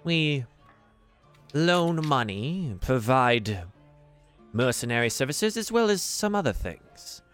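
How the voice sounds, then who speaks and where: A man voicing a courteous retired male adventurer who now acts as a contact for a faction, speaking in a smooth, measured way. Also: mid-range voice, sing-song, fairly bright tone, faint music behind, voice pushed up. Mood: explaining.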